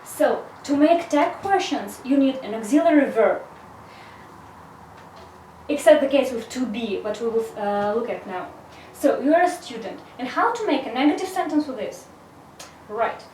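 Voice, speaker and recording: In a grammar lesson filmed for video, a woman with a high voice, an English teacher, explains slowly and deliberately with many uses of "so." She sounds expressive with a darkish tone, picked up by a distant mic in an echoey room with a little hiss or hum.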